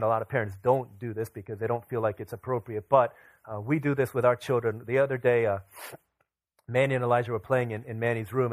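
A man delivers a sermon in a mid-range voice, recorded close and dry with no room echo. He pushes louder and higher to drive home his main points, then sinks to a soft, low voice when telling stories from home. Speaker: pastor.

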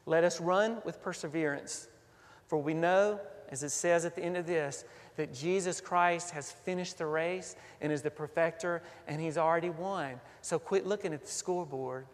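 A man preaching a sermon as pastor, earnest, building to emphatic peaks and then dropping soft. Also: on the high side, moderate pace, long reverb tail.

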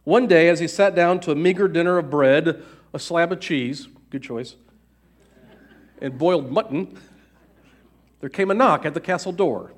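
A man's voice: on the high side, normal speed, long pauses. Man reading a fairy tale aloud. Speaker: storyteller. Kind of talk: storybook read-aloud narration.

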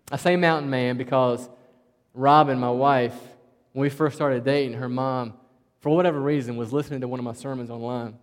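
A man's voice: mid-range voice, big-room sound. A male pastor with a Southwest Virginia country twang, preaching in a folksy, conversational way and often calling the listeners "man.". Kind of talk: sermon.

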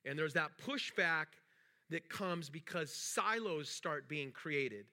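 A man's voice: a little high, lively intonation, slow pace, bright, forceful tone. A middle-aged man, a pastor, preaching a sermon in a rambling storytelling way with many restarts. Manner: acts out quoted dialogue in a raised voice.

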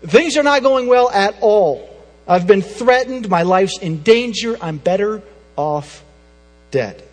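Brief: preacher doing a scared, lonely male prophet, high, anxious and pressing, in a big echoey hall. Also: animated, slow pace, exaggerated voice. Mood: distressed. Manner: anxious, complaining, raised and pressing. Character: frightened lonely male prophet pleading with God. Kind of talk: dramatized scripture in a sermon. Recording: reverberant hall with soft music.

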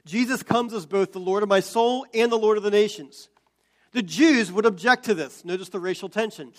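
A man preaching a sermon as pastor, explaining scripture and building to loud, emphatic peaks. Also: high-pitched, moderate pace.

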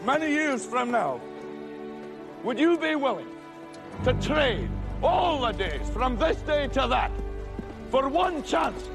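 A pastor putting on a Scottish accent to play a defiant rebel leader rallying an army, in a slow, rousing battle speech. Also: male voice, very high-pitched, very animated, music in the background, pitched above the performer's own voice, full character voice. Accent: Scottish, put on. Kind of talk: sermon with acted impression.

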